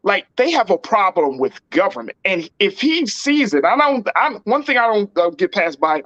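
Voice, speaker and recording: A man's voice: sits high, sing-song, moderate pace, hardly any pauses, fairly bright tone, no room sound, lo-fi sound. A man hosting a political talk show, speaking in an emphatic, slangy and repetitive way. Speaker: host.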